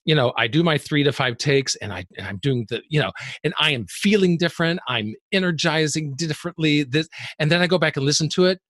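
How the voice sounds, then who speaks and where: A man's voice: fairly high pitch, a little fast, fairly bright tone, no room sound, studio quality. A man hosting a podcast interview, talking casually and telling stories about his own auditions. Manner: conversational, shares anecdotes, laughs along. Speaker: podcast host.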